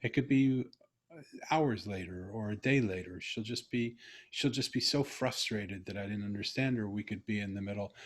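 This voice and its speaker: A middle-aged man hosting a video call conversation, telling a personal story earnestly and growing animated when he quotes himself. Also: fairly low pitch. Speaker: interview host.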